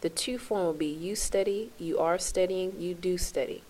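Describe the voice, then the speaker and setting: A woman's voice: fairly low pitch, normal speed, warm tone. A woman teaching a French lesson to her class, spelling out verb endings in a chant and checking in with "okay?" as she goes.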